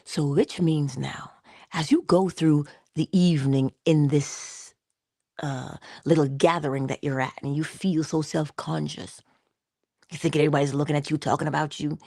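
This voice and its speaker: A woman with a low, husky voice talks her listener through a motivational lesson in a coaching, conversational way. She drops into soft whispers now and then to press a point. The sound is dry and close. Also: no room sound. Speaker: inspirational speaker. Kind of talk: motivational talk.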